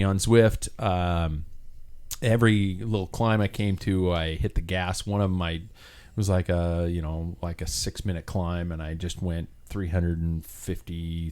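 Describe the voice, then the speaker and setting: A man's voice: low-pitched, a little mellow. A man hosting a casual cycling chat, telling a rambling story with many restarts and fillers. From United States.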